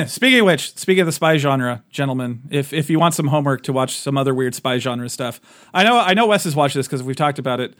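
A man's voice: medium pitch, lively intonation, a little fast, fairly bright tone. A man hosting a casual podcast chat, eagerly recommending shows to his co-hosts. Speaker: podcast host and game master.

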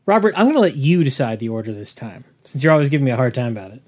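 A man's voice: mid-range voice, very animated, rapid-fire, a little mellow. A man in his forties co-hosting a podcast in casual chat, wry and playful. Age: 40s. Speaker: podcast co-host.

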